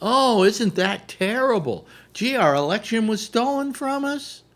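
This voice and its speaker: A man's voice: sits high, sing-song, unhurried, pitched above the performer's own voice, exaggerated voice. A man doing a gushing airhead anchorwoman. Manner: breathless, wide-eyed gushing questions. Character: airheaded young female news anchor, gushing.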